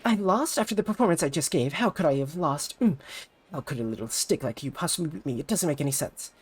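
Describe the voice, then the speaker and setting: A man's voice: expressive, fast talker, husky. A man voicing a vain, bratty teenage girl idol rival in a video game, haughty and taunting. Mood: indignant. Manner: haughty, taunting, shrill sneers.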